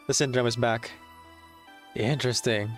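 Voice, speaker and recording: A young man chatting casually on a live stream, reading chat aloud, a bit nervous and laughing. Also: mid-range voice.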